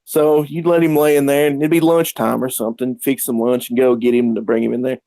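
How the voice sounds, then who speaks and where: A man's voice: mid-range voice, flat delivery, fairly quick, gravelly, mellow, no room sound. A man telling casual, rambling stories as a podcast guest, acting out the quotes. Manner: rambling anecdotes with acted-out quotes. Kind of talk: casual storytelling.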